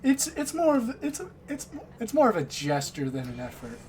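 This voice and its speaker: A man's voice: very high-pitched, wildly swooping pitch, moderate pace, a little mellow. A man narrating as game master in a loose, rambling, self-correcting way.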